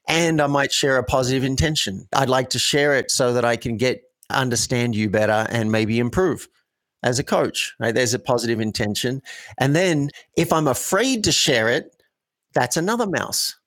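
A man's voice: medium pitch, normal speed, fairly bright tone, no echo. A man who is a coach and a guest, talking reflectively in an interview and acting out example dialogues. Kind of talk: conversational interview.

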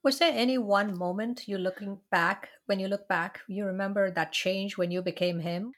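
A woman interviewer asking thoughtful, measured questions about the guest's life. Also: medium pitch, steady tone.

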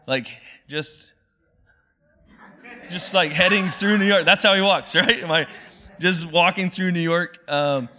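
A pastor in his thirties preaches a casual, conversational sermon in a high-sitting voice, a little slowly and with long pauses, while a crowd is heard in the background. He's chatty, uses many fillers, and makes playful asides, quoting movie lines in playful voices.

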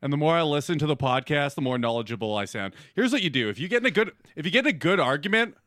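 A man co-hosting a comedy podcast who reads a listener email aloud, with wry, deadpan jokes and frequent laughter. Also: a little high, racing, dry recording, studio quality. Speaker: podcast co-host. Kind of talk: crude comedic banter, reading listener email.

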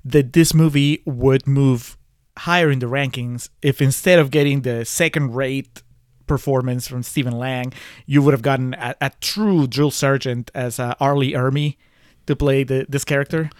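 Podcast co-host, mid-pitched man, chuckling and hesitant critic, dry close mic. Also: measured pace, dry recording. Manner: chuckling, hesitant with uhs, posing hypotheticals. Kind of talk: casual movie review chat.

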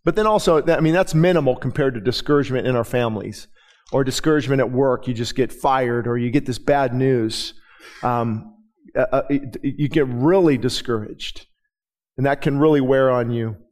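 A man's voice: medium pitch, moderate pace, darkish tone. A middle-aged man preaching, telling stories in a loose conversational way with many restarts. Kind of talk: sermon.

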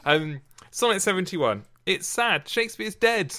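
A man's voice: high voice, lively intonation, pushed and bright. An English man who hosts a podcast, reading a sonnet aloud and then bantering playfully with a guest. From Britain. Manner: playful, teasing, quick asides. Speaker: podcast host and reader.

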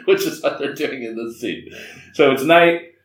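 A man's voice: medium pitch, normal speed, slight background noise. A man co-hosting a podcast, recapping a movie in casual chat, laughing often and acting out the characters' lines. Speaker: podcast co-host. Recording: echoey room, voice a bit far from mic.

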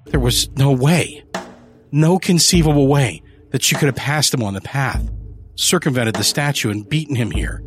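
A man giving a measured, dramatic scripted narration of a horror story. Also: medium pitch.

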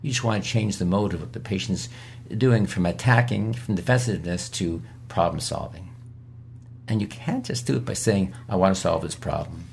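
A man's voice: deep voice, creaky, a little mellow, a little hiss or hum. A man, a physician, giving emphatic, repetitive coaching advice as an interview guest. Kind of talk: instructional interview answers.

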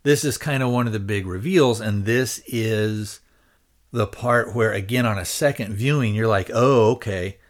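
A fairly low-pitched male voice at a moderate pace belongs to a podcaster reviewing a film. His spoken plot summary wanders loosely, and he keeps hedging and starting over as he searches for what to say.

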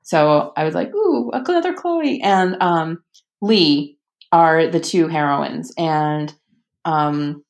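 A woman author talking casually about books, chatty, with many fillers and animated quoting. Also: sits low, slow pace. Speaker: author guest. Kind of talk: casual podcast conversation.

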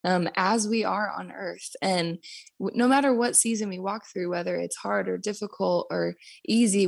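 A woman's voice: medium pitch, creaky, husky, dry recording. A young woman, a worship leader, talking earnestly and reflectively about her faith in a podcast conversation. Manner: earnest, reflective, with soft laughs.

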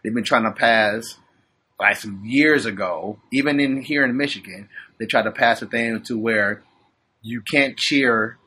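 Man, podcast host, bright voice, laughs a lot, slangy casual chat. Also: mid-range voice, measured pace, slight background noise. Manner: laughs often, loose slangy banter.

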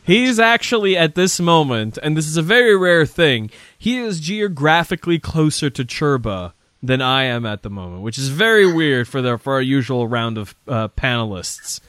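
A man's voice: a little high, big pitch swings, normal speed, hardly any pauses, fairly bright tone, clear, resonant tone, no room sound, clean studio sound. A man hosting a casual podcast panel chat, playful and fond of alliteration. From Providence, Rhode Island. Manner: playful, alliterative show intro. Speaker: host.

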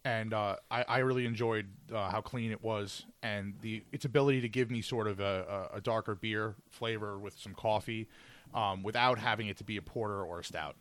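Low-voiced man chatting about beer. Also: fairly even intonation, brisk, fairly bright tone. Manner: chatty, joking, self-correcting. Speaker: podcast co-host reviewing beer. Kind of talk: casual chat.

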